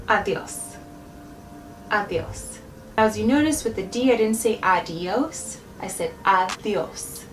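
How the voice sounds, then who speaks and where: A woman giving a patient travel-vlog language lesson, repeating each word slowly for the viewer to practice. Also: a little high. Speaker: language teacher. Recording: distant mic with background music.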